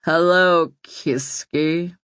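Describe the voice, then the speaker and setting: A woman's voice: low voice, steady tone, measured pace, dry recording, clean studio sound. A woman voicing a lazy, bitter male prisoner who drawls and grumbles with contempt. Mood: sneering.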